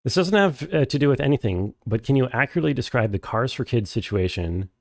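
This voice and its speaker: A man streaming a game, chatting casually and reading chat aloud in a rambling, deadpan, self-deprecating way. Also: medium pitch, quick pace, gravelly, no room sound, clean studio sound. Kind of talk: casual live-stream chat while playing.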